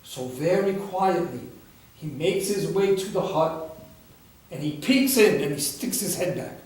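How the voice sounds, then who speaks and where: A man teaching meditation, telling a story slowly and gently in a fairly high voice. The talk is picked up from a distance in a very echoey room. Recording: echoey room, far from the mic.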